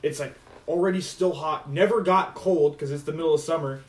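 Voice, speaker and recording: A man's voice: on the high side, brisk, roomy sound, distant mic. A man co-hosting a casual podcast chat, laid-back and profane, often saying dude. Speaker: podcast co-host. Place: indoor podcast studio.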